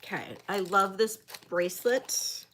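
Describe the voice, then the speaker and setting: A woman's voice: mid-range voice, a bit bright, a little hiss or hum. A woman hosting a live jewelry sale, describing pieces in detail and chatting effusively with viewers. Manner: describes items slowly in detail. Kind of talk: livestream sales chat.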